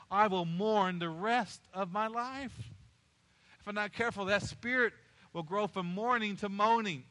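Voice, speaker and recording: A man's voice: high voice, pushed and bright. A male pastor preaching a sermon, repeating key phrases and rising in passion as he goes.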